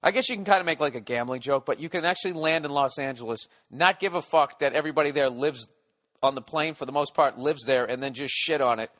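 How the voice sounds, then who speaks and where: A man's voice: mid-range voice, fast talker. A man in his forties with a Boston accent, telling a rambling, profane comic story as a podcast host. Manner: profane, animated, jumps between tangents.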